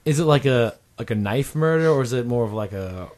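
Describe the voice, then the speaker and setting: A man's voice: medium pitch, lively intonation, brisk, darkish tone. A man in a casual comedy podcast, cracking jokes and swearing a lot. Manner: jokey, swears, acts out silly voices.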